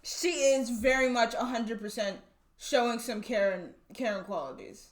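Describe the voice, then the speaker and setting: A woman co-hosting a casual podcast chat, animated and playful, laughing often. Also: a little high, normal speed. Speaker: podcast co-host.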